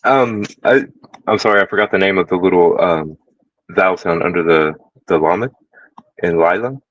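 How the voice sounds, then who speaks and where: A student in an online class politely asking the teacher a hesitant question, heard through a remote microphone. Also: male voice, sits low, moderate pace, no room sound, dull audio.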